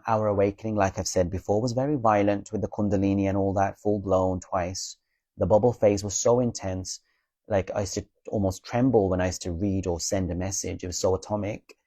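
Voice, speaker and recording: A man's mellow voice sits on the low side, recorded with no room sound. A spiritual advice creator, he talks casually and earnestly to viewers about spiritual healing, offering reassurance, checking in with "okay?" and swearing bluntly now and again.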